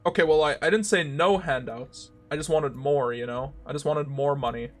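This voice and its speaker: A man live-streaming a video game, reacting out loud in an excitable, swearing way. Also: on the high side, normal speed, faint music behind. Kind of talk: casual live-stream commentary.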